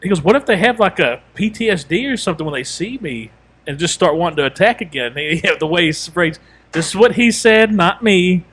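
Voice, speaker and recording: Husky-voiced man telling a rambling story. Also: sits high, animated, fairly quick, a bit bright. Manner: rambling, retells with quoted asides and restarts. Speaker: podcast co-host. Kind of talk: casual storytelling chat.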